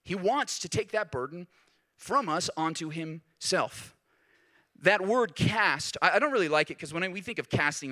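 A pastor delivers a sermon in a lively, conversational style, acting out the voices of the people he quotes. His voice is a little high.

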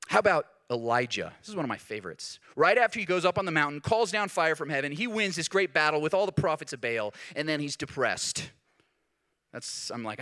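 A man preaching a sermon as pastor, talking in a lively, conversational way and acting out the voices he quotes. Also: a little high, normal speed.

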